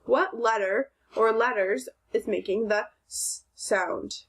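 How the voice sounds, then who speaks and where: A woman teacher's recorded phonics lesson for second graders moves slowly, her voice on the high side. She pronounces words carefully, sound by sound, and responds to her own questions.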